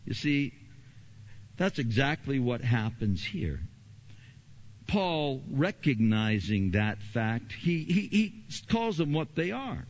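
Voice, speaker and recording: Emphatic male preacher, mid pitch, animated sermon delivery, lo-fi capture. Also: slow. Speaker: pastor. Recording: dull lo-fi recording.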